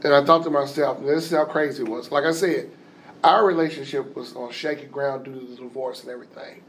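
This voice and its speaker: A man telling a personal story in an animated way, acting out the voices of the people in it. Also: mid-range voice, fast, slight background noise. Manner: animated, acts out quoted voices.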